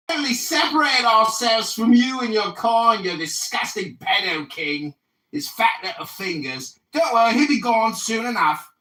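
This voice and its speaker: A man in his forties shouts mocking taunts in a high, swooping voice that sounds bright and cutting. He is set back from the mic, and his voice bounces around a roomy space. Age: 40s. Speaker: livestream host, political candidate. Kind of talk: heated livestream argument. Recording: roomy echo, distant from the mic.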